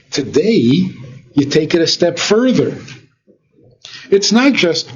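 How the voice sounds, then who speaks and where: Slow, animated rabbi, man, lo-fi. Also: fairly high pitch, breathy edge. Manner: animated, rhetorical questions, chuckles often. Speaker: rabbi and lecturer. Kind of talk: informal teaching talk.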